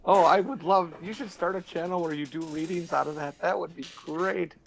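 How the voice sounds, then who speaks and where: Gravelly man cracking crude jokes. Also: on the high side, faint music behind. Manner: crude joking, halting restarts. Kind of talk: casual chat.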